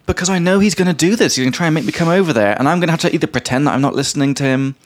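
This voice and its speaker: A man's voice: fairly high pitch, rapid-fire. A young man hosting a casual teaching chat, rambling with many fillers and explaining words as he goes. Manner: rambling, lots of fillers, laughs, mimics voices. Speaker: podcast host, English teacher.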